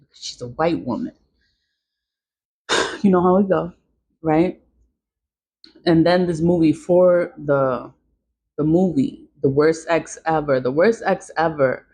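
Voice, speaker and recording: A woman's voice: deep voice, darkish tone, slight background noise. A middle-aged woman vlogger in a casual venting monologue, emphatic and repeating her points.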